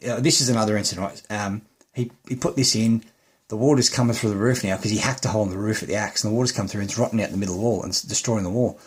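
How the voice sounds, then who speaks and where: A man's voice: fairly low pitch, racing, husky. An Australian man in an angry, heated rant, swearing heavily and restarting his sentences often. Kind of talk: angry ranting monologue.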